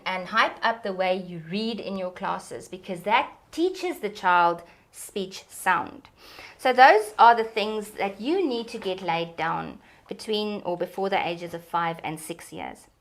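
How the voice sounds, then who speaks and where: A woman, an early childhood development expert, explaining in an animated teacherly way during an interview. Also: mid-range voice.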